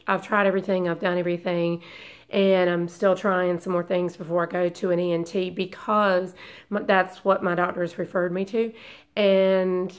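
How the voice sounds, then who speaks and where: A woman beauty vlogger chatting casually to camera, congested from a long illness, rambling and hesitant with many restarts. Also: lowish voice.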